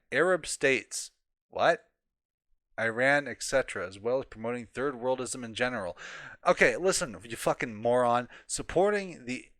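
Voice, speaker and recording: A man's voice: medium pitch, a bit bright, no room sound. A man ranting heatedly as he reads an article aloud for his commentary vlog, swearing often and mocking its author. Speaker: political commentary vlogger. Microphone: home desk microphone.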